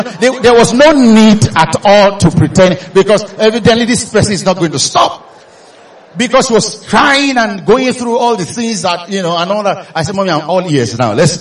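A man with a Nigerian accent preaching a sermon, telling stories with animation and rising to shouts for emphasis. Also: very high-pitched. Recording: echoey hall from a distance.

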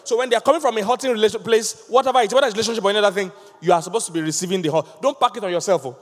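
Male preacher, high voice, animated sermon, echoing church hall. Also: racing. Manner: animated, acts out voices, laughs with the congregation.

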